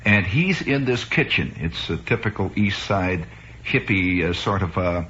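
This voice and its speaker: A man from Chicago spins a wry, rambling monologue with a lively, rising and falling voice. His tone is bright and forceful. The sound is muffled, like an old 1960s radio broadcast. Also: sits low, unhurried, a little hiss or hum. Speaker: radio host. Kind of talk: improvised comic monologue. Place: radio studio.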